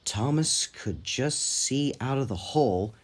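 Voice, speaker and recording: A man narrating a children's train story in an expressive storybook manner. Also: mid-range voice, takes it slowly. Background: music.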